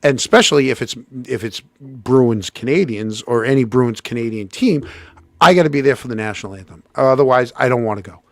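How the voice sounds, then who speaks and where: A man's voice: fairly quick, no echo. A middle-aged man, co-hosting a casual show and telling a story animatedly, acting out what people said. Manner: animated, acts out quotes with jumps in pitch. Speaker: co-host.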